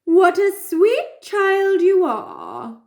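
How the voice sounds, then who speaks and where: A sly big bad wolf from a children's puppet story, voiced by a woman. He drawls slowly and sweetly, his voice sliding up and down. The tone stays higher than a real wolf would suggest. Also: wildly swooping pitch, a little mellow, reverberant, heavily acted. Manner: slow, sly, sugary-sweet.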